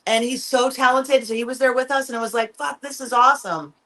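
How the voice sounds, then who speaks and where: A woman effects artist chatting as a guest, excited and swearing freely as she tells stories and quotes people. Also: high-pitched, fairly quick. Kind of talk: casual chat.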